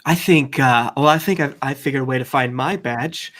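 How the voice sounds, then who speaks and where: A man's voice: mid-range voice, normal speed. A man playing a tabletop game, chatting casually and stumbling over his words with jokes. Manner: animated, stumbling, joking. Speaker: tabletop player.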